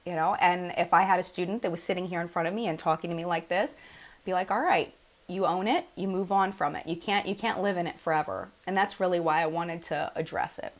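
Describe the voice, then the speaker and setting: A woman in her thirties hosting a live chat, emotional and apologetic, crying at times, talking in halting restarts. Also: fairly low pitch. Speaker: beauty channel host.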